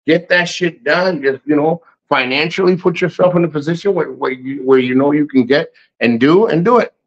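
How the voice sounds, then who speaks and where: A man's voice: a little high, moderate pace. A man hosting a casual livestream, reading chat and giving blunt, profane motivational rants. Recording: muffled lo-fi stream audio.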